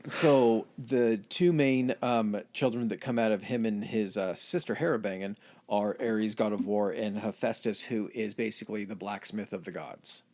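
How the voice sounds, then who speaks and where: A man's voice: on the low side, normal speed, a little mellow. Wry, chatty male podcast co-host. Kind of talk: casual comedic chat.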